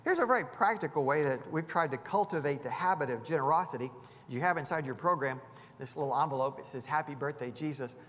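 A man's voice: on the high side, fast, a bit bright. A middle-aged man preaching a sermon as pastor, earnest and emphatic with folksy asides. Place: church sanctuary. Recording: long reverb of a large church hall.

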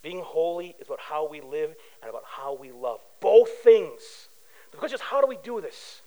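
A man's voice: a little high, moderate pace, rough recording. A middle-aged male pastor preaching a sermon in a casual, conversational way, telling personal stories and acting out quoted voices. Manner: animated, acts out quoted voices.

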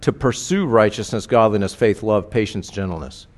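A male pastor preaching a sermon, moving between hushed reflection and rising fervent exhortation. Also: fairly low pitch, moderate pace. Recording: long hall reverb.

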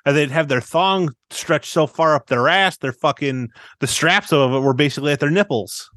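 A man's voice: on the high side, normal speed, fairly bright tone, no echo, studio quality. A man co-hosting a podcast, chatting casually with blunt, crude remarks. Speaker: podcast co-host.

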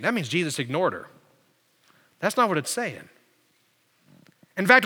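High, bright-voiced preacher in a reverberant hall. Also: male voice. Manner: preaching with big swings in pitch and loudness. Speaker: pastor. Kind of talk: sermon.

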